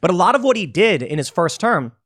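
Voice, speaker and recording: A man giving casual solo political commentary, animated and quick to slip into mocking voices. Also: sits high, breathy edge.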